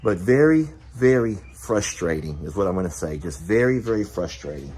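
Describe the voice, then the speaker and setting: A man, talking casually to viewers of his animal sanctuary vlog in a folksy, drawn-out way, outdoors on a farm. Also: deep voice, expressive, noisy background. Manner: folksy, drawn-out, slow emphasis. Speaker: animal sanctuary owner and vlogger.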